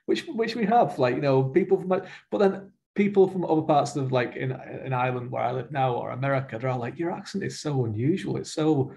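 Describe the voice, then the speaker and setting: A man's voice: mid-range voice, a little fast, gravelly, hardly any pauses. A man with a Mancunian accent hosting an author interview over a video call, chatty and rambling. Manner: chatty, rambling, animated with hands. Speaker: podcast host.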